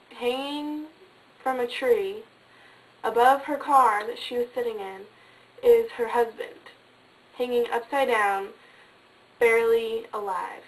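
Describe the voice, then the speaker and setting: A woman casually telling a ghost story in a chatty way with lots of fillers, sometimes dropping to a hush. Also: fairly high pitch, distant mic, rough recording. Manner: chatty, many fillers, drops to hushed tones.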